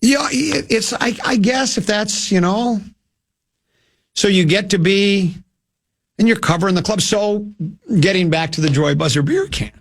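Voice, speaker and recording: Gravelly man rambling through a story. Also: high-pitched, a little slow. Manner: rambling storytelling with many restarts. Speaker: radio host. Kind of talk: sports talk radio.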